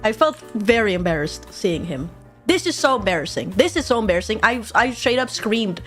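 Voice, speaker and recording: A young woman streaming casually while drawing, excitable and quick to laugh, swearing often. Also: mid-range voice, faint music behind.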